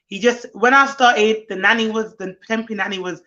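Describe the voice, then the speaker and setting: Brisk and mid-range, the nanny co-host rattles through animated anecdotes in a relaxed chat, putting on children's voices. Audio comes from a muffled, lo-fi stream.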